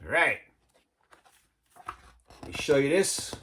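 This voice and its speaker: A man casually shows viewers his record collection in a show-and-tell vlog, loose and enthusiastic, repeatedly saying "man" and "all right." His slow, sing-song voice is a little high and fairly bright, with slight background noise.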